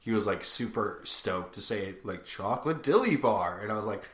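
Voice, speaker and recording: A man's voice: fairly low pitch, fairly even intonation, brisk, fairly bright tone. A young man co-hosting a casual podcast, telling rambling stories full of filler words. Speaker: podcast co-host. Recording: roomy echo.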